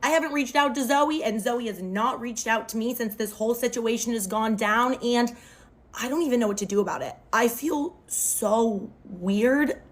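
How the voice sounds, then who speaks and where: A young woman with a somewhat high voice tells a casual storytime into her phone. Her delivery is animated and expressive, and she sprinkles "like" through her sentences. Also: fairly quick. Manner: expressive, animated retelling with lots of "like".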